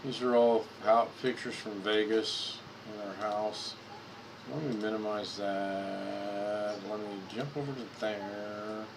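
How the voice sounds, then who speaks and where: A man's voice: fairly low pitch, steady tone, slow, background noise. A man hosting a casual live stream, rambling and repeating words as he clicks through photos at his computer.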